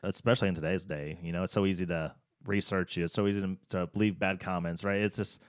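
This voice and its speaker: A man with a very deep voice, recorded close and dry. He hosts a relaxed chat and asks reflective questions. He thinks out loud as he talks. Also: fast talker, no room sound. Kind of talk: casual podcast conversation.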